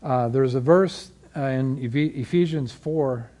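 A man giving a sermon as a guest preacher, moving from halting, calm teaching to loud, fervent exhortation. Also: medium pitch. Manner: halting restarts and fillers.

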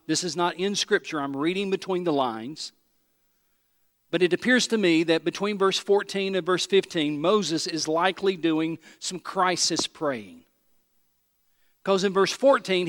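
A man preaches a sermon in a slightly high voice, talking to the church like a conversation. Now and then he slips into imagined prayers. His voice carries a long reverb, as in a large hall. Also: fairly bright tone. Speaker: pastor.

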